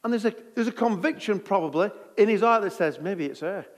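A man's voice: sits high, brisk, big-room sound. A man preaching a sermon in a jokey, conversational way.

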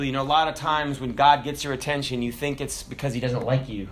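A man in his forties preaching a sermon, swinging between shouted declarations and low, quiet asides. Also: quick pace, few pauses, slight background noise. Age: 40s. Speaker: pastor.

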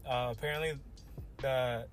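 A man's voice: mid-range voice, fairly even intonation, unhurried, over music. A young man co-hosting a casual podcast chat, slangy and swearing, laughing often. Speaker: podcast co-host.

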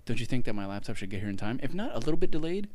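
Fast-talking, animated man ranting. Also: mid-range voice, no echo. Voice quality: animated, exaggerated, profane. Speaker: podcast co-host. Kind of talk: casual chat, ranting complaint.

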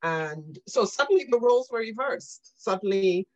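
A woman being interviewed on a podcast, telling animated stories about her career and often checking in with "right?" and "you know". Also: medium pitch, moderate pace, lo-fi sound. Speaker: guest.

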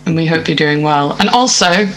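A woman's voice: sits low, lively intonation, moderate pace, poor audio. A woman co-hosting a podcast, trading teasing, blunt banter in casual chat. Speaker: podcast co-host. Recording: loud background noise with clicks.

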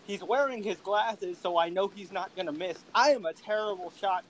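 A man's voice: sits high, moderate pace, hardly any pauses, a little hiss or hum, rough recording. A man co-hosting a podcast, chatting casually and with feeling, acting out and singing quotes. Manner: animated, gushing, sings and acts out quotes. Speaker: podcast co-host.

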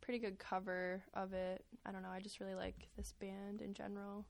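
A woman's voice: medium pitch, flat delivery, brisk, creaky. A young woman co-hosting a casual podcast, easygoing and hedging her opinions. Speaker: podcast co-host. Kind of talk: casual chat about music.

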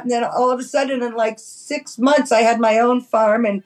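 A middle-aged woman from New York City, a cannabis farmer telling stories in a chatty, animated way as a podcast guest. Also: a little high, moderate pace, poor audio. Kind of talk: casual storytelling.

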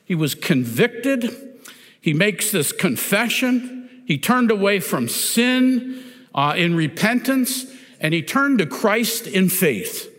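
A pastor preaching a sermon in a church, deliberate and emphatic, often pointing listeners to the text with "notice". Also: male voice, high-pitched, very animated, a bit bright. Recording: long reverb of a large hall.

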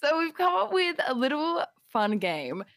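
Giggly high-voiced woman podcast co-host. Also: sing-song, measured pace, fairly bright tone, no echo, studio quality. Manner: giggly, bubbly, laughs often. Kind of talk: casual chat.

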